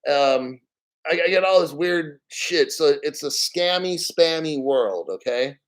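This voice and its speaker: A man's voice: a little high, expressive, unhurried, poor audio. A man hosting a casual crypto stream, rambling bluntly and swearing freely. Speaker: crypto show host. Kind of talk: casual live-stream rant.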